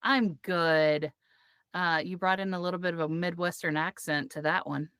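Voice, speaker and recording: A woman co-hosting a casual podcast from a clothes closet, chatty and quick to laugh. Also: fairly low pitch, steady tone, a bit bright, smooth, no echo, clean studio sound. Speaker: podcast co-host. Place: walk-in closet among hanging clothes.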